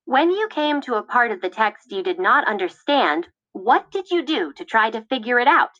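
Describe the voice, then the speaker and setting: Bright-voiced woman giving classroom instructions. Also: fairly high pitch, big pitch swings, dry recording, muffled recording. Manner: clear, teacherly, measured. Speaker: lesson narrator.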